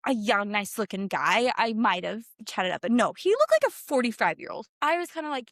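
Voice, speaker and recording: A woman's voice: medium pitch, very animated, brisk, hardly any pauses, a bit bright, no room sound, clean studio sound. A young woman from Canada co-hosting a casual chat podcast, telling stories animatedly and acting out the quotes with laughter. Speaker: podcast co-host.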